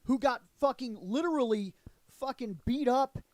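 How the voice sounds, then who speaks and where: A man with a high voice chats loosely on a podcast, swearing freely and rambling through his points. The sound is dry and close, with no room around it. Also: moderate pace, a little mellow, no echo. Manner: profane, rambling, laughs often. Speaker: podcast co-host. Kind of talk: casual chat.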